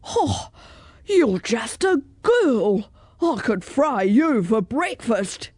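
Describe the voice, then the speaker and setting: A woman's voice: fairly high pitch, very animated, drawn-out words, a little mellow, husky, no room sound, studio quality, full character voice. A woman reading a storybook aloud, voicing a big timid male dragon who sighs, hesitates and sobs. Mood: sad. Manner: sighing, hesitant, sobbing.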